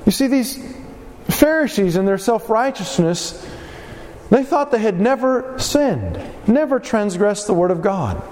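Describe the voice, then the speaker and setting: A man preaching a sermon in a church hall, animated and firing rhetorical questions at his congregation. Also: sits high, measured pace, a little hiss or hum.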